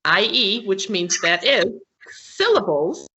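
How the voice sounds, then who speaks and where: A woman's voice: mid-range voice, big pitch swings, takes it slowly, pushed and bright. A woman teaching word stress as a guest on a video call, explaining patiently and checking in often with her students. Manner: patient, explains step by step with frequent "okay?" checks. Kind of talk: online English pronunciation lesson. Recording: dull lo-fi video call audio.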